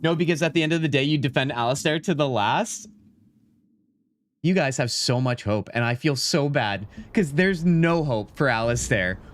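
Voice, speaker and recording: A young man streaming a game live, talking to his chat in an excitable, chatty way and throwing in "dude" a lot. His voice sits at an ordinary middle pitch. He comments on everything as he plays. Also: moderate pace.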